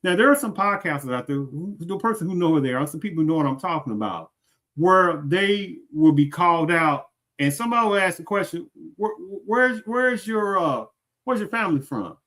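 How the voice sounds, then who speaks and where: High bright-voiced male commentator. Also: lively intonation, a little fast. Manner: repetitive, rhetorical questions to the audience. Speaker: commentary show host. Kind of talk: reaction commentary on a clip. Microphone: streaming setup.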